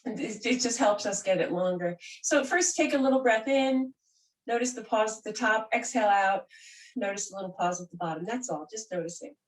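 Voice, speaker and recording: A woman teaching a gentle yoga and breathing class, guiding calmly and softly. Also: medium pitch. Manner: calm, gentle, soothing guidance. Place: room where she does yoga on a mat. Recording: roomy sound from a distant mic.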